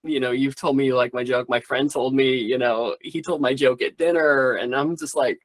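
A man's voice: medium pitch, fairly even intonation, normal speed, dry recording. A man who does stand-up comedy talking in a rambling, candid way, swearing freely in a casual interview.

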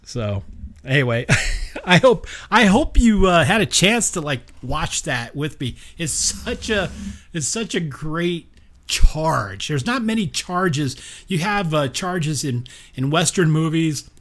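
A man's voice: a little high, expressive, takes it slowly, a bit bright. A man hosting his own podcast in a casual, rambling solo monologue, chatting along and laughing at himself. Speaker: podcast host.

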